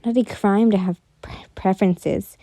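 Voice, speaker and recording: A woman's voice: mid-range voice, steady tone, measured pace, dark tone, no echo. A woman voicing a hot-tempered young fighter with cat ears who swears and turns flustered and defensive, in a whispered role-play.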